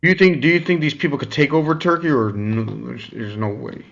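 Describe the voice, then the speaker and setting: A man chatting casually as a guest on a call, relaxed and hesitant, with fillers. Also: fairly high pitch, a little fast, muffled recording. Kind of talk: casual chat.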